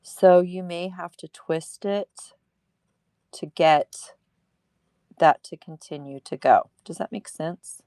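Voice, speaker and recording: A woman's voice: fairly low pitch, slow pace, dark tone, no room sound. A woman hosting a casual livestream craft demo at her table, chatty and laughing at herself.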